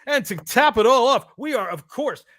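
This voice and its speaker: A man's voice: very high-pitched, lively intonation, normal speed, fairly bright tone, dry recording, clean studio sound. A man hosting a casual podcast on a video call, teasing his guests in an upbeat emcee style. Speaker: podcast host. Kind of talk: casual chat.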